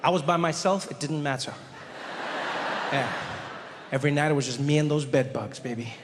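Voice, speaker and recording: A man doing stand-up storytelling in a large live venue, animated and acting out voices. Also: a little high, normal speed. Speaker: stand-up comedian. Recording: echoey hall with crowd noise. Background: audience laughter.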